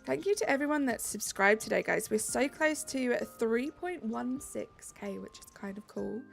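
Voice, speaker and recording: A woman live streamer chatting casually with her viewers in a relaxed way, thanking them by name. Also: fairly high pitch, moderate pace, vocal fry, soft background music.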